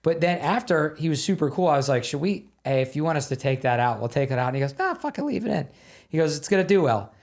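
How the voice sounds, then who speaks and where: A man's voice: a little high, a little mellow. A male comedian, a podcast guest, telling stories in casual chat with a lot of swearing. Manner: storytelling, swearing, quick asides.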